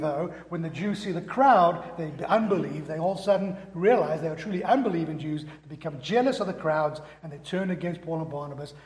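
A man preaching a sermon as pastor, emphatic and asking the congregation questions. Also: on the high side. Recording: echoey hall, long reverb.

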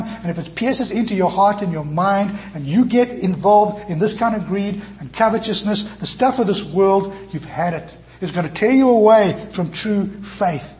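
High-voiced animated preaching man. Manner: animated preaching, quoting scripture in soft tender tones. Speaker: pastor. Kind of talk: sermon. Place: church.

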